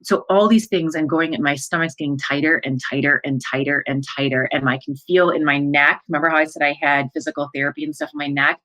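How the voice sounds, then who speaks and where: A woman's voice: low-pitched, lively intonation, quick pace, hardly any pauses, bright, forceful tone, rough recording. A woman, a coach and podcast host, telling a personal story as an emotional monologue, acting out her own and her family's words. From American Midwest. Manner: emotional, breathless retelling with quoted dialogue.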